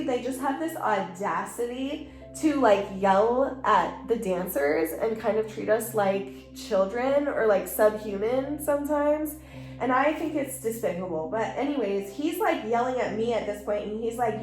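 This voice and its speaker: A woman's voice: a little high, a little mellow. A young woman casually telling a personal story during a stretch session, chatty and heated, with lots of "like". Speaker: vlog host and former dancer. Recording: echoey room with faint music.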